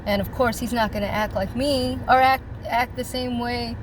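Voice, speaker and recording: A woman's voice: on the high side, fairly even intonation, moderate pace, poor audio. A woman vlogging casually about her faith, rambling and heartfelt, speaking straight to her viewers from a parked car outdoors. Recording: outdoor traffic noise. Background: car and street noise.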